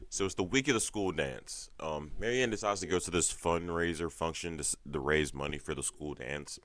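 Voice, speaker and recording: A man's voice: sits low, moderate pace, a bit bright, no echo. A man with a stuffed-up nose giving a heated, rambling TV show recap full of swearing. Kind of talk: casual profane TV recap.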